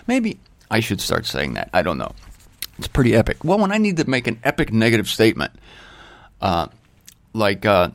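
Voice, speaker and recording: A man's voice: fairly low pitch, huge pitch swings, normal speed, creaky, long pauses, no room sound. Folksy male Bible teacher, dry close sound. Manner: folksy, self-deprecating asides and jokes. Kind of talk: informal Bible study sermon.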